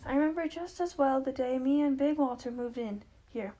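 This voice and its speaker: A woman voicing Mama, a wistful, grieving older widow and matriarch, in an amateur play reading, talking slowly in homely, folksy phrasing. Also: high voice, mellow, natural voice.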